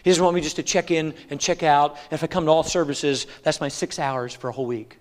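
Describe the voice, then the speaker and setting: A man's voice: fairly high pitch, steady tone, quick pace, few pauses. Impassioned male pastor preaching a sermon. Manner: impassioned, swinging between hushed and loud emphatic delivery.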